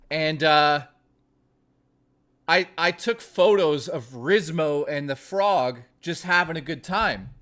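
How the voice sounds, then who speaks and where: A man on a livestream with a voice that sits a little higher than most men's. He rambles through a joking, profane story to his chat, stumbling over restarts as he goes. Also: sharp tone.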